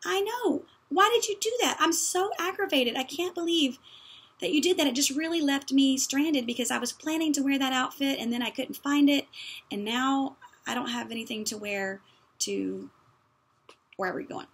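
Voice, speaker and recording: A woman's voice: mid-range voice, monotone, measured pace, vocal fry, long pauses, husky. A woman voicing an upset teenage girl complaining that her sister lost her cardigan. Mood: aggravated. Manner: indignant, complaining.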